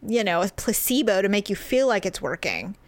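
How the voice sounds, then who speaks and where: Animated chatty woman, dry close sound. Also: medium pitch, fairly quick, no room sound. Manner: animated, laughing, acts out voices in her story. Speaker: storyteller in a chat. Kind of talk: casual chat, telling an anecdote.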